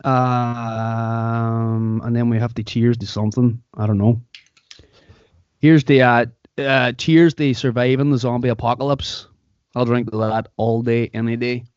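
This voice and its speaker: A man's voice: mid-range voice, steady tone, a little slow, a little mellow, clean tone, no echo. A man with a Derry accent hosts a podcast in loose, joking banter. The recording is dry and a little dull, as if from a small home setup. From Derry, Northern Ireland. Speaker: podcast host. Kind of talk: casual chat. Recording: dry, slightly dull sound.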